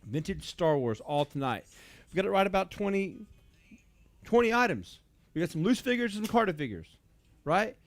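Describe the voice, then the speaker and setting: Chatty upbeat toy store livestream host. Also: male voice, high voice, very animated, moderate pace, dry recording. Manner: upbeat, chatty, greets viewers by name. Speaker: toy store owner hosting a live sale. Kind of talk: casual livestream chat.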